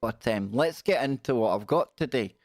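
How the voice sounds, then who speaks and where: Casual stream host, male, mid pitch, rambling and friendly, dry close mic, soft music bed. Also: expressive, moderate pace, no room sound. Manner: rambling, friendly shout-outs to chat. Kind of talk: casual live stream chat.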